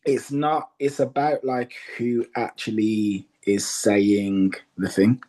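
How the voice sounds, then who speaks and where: A man guesting as a dating coach on a podcast, calmly explaining his view with examples. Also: lowish voice. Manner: measured, explains by example with acted quotes. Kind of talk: casual podcast conversation.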